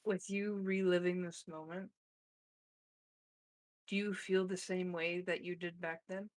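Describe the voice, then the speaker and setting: Flat-voiced woman running a tabletop game. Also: on the low side, measured pace. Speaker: game master.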